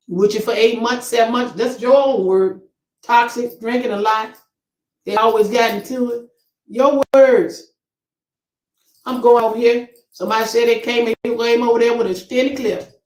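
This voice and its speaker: A woman with a fairly high voice hosts a casual commentary channel, reading viewer comments and reacting emphatically and preachily, calling out to the Lord. The recording is low quality, in an echoey room.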